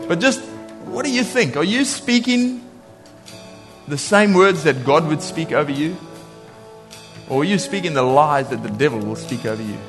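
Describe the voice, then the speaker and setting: Aussie pastor guy preaching, kinda high voice, laughs a lot. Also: a little slow, over music. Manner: lively, laughs often, mimics voices in quotes. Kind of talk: sermon.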